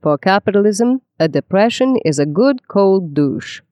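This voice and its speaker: A narrator voicing a pompous aristocratic Austrian professor with a Viennese accent, theatrical and portentous. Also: male voice, sits high, expressive, unhurried, darkish tone, no echo, dull audio. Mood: declaiming.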